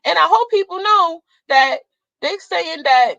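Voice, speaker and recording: Young adult woman vlogger, blunt and cursing; bright, sharp tone, a bit muffled lo-fi recording. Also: very high-pitched, expressive, a little slow, gravelly, no room sound. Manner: blunt, profane, fiery. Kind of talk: casual ranting monologue.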